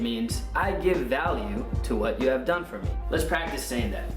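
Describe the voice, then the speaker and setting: A man teaching an online English lesson, speaking clearly and upbeat, with practice prompts. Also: mid-range voice, lively intonation, moderate pace. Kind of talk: video language lesson. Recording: roomy distant sound with music.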